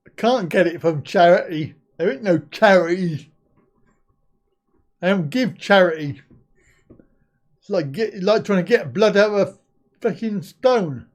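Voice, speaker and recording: A man's voice: high-pitched, expressive, a little slow, long pauses. An older man hosting a live stream, chatting casually, reading out viewer comments, swearing lightly and laughing often.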